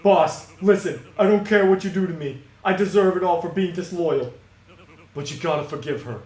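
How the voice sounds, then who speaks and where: A man's voice: high-pitched, normal speed, darkish tone, natural voice. A man voicing a loyal young male Pianta henchman with earnest, tough-guy gangster talk. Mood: remorseful. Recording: echoey room, music behind.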